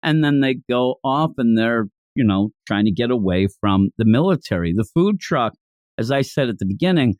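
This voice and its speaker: A man co-hosting a casual chat about a story he is reviewing. He is animated and acts out the scenes in funny voices. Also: mid-range voice, dry recording. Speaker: podcast co-host.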